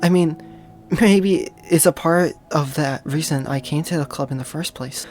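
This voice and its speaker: Brief: a soft-spoken, hesitant teenage girl, read aloud by a gamer from a visual novel, confiding something painful. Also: mid-range voice, normal speed, soft background music, close to an everyday voice. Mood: sad.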